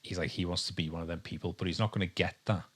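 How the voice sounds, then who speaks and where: Very fast and slightly rough, his low voice keeps fairly even intonation. The man, from England, co-hosts a laid-back podcast at home beside a dog, rambling through thoughts with frequent ums and restarts.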